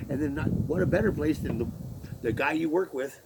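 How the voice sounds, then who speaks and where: A man's voice: fairly high pitch, fairly quick, heavy background noise. A man venting a long story in casual, profane, rambling talk, acting out what was said back and forth. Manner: profane, rambling, acts out quoted exchanges. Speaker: laborer telling his story.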